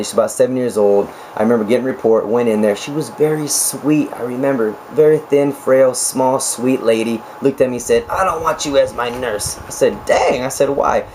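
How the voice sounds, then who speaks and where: A young man vlogs in a hoarse, raspy voice, pitched on the low side and loose, jokey and talkative. A faint hum of room noise runs underneath, like an air conditioner in a small room. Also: warm tone, rough recording. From United States. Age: 20s. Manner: chatty, laughing, joking asides. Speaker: nurse vlogger. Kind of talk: casual chat to camera.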